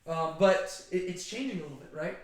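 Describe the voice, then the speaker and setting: High-voiced man teaching in an echoey room. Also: a little fast. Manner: animated, conversational, lots of "like" and "right?". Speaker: Bible teacher. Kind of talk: casual Bible study teaching.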